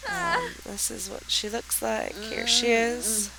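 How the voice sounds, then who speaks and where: Sick, raspy nasal woman. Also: fairly high pitch, very animated, takes it slowly, sharp tone, a little hiss or hum, poor audio. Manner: hesitant, chatty explaining. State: raspy and nasal from a sinus infection. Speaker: let's play host. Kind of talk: casual game commentary.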